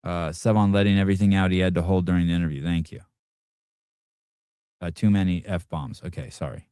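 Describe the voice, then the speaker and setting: Low, dry-voiced man ranting profanely. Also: steady tone, a little fast, warm tone, smooth, no echo. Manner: talks straight to his audience and producer. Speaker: podcast host. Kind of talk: reaction commentary, casual rant.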